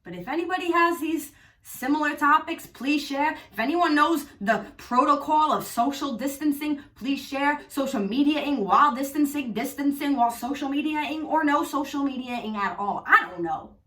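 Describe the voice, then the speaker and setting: A woman with a thick, exaggerated Long Island accent tells a comic story, swearing freely and sounding fed up and goofy. Her voice is bright and swoops up and down. The sound is echoey and she is a little off-mic. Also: high-pitched, expressive, normal speed, recorded from a distance. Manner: profane, exasperated and goofy. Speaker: comedian. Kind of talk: comedic storytelling monologue.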